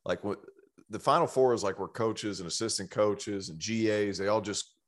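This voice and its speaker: Easygoing lower-voiced man. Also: moderate pace. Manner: easygoing, laughing, rambling. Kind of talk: casual chat.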